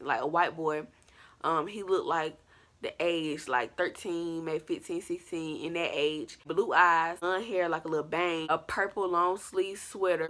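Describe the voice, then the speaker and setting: A woman vlogger telling a spooky story from school in a casual, animated way, acting out scenes as she goes. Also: on the low side. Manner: animated, colloquial, acts out scenes. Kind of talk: storytime vlog.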